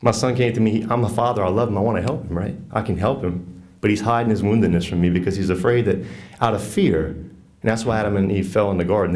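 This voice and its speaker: A man's voice: sits low, darkish tone. A man in his thirties or forties with a Southern US accent, teaching a group in an earnest, folksy, conversational way and often checking in with "right?". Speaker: catechist teaching a workshop on faith and marriage.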